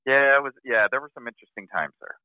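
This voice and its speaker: A man co-hosting a podcast in casual chat, teasing the others and quick to laugh. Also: mid-range voice, clean tone, no echo. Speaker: podcast co-host. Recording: tinny phone-like remote line.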